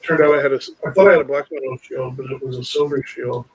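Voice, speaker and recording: A man chatting casually over voice chat while playing a game, easygoing and quick to laugh at himself. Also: medium pitch, fairly even intonation, a crowd in the background, low-quality recording. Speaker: streamer playing a survival game.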